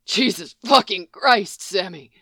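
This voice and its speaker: A narrator reading a quick-tempered, wisecracking young man with sharp, exasperated lines, close to their own voice. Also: medium pitch, expressive, no room sound. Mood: protesting. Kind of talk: audiobook reading of fan fiction.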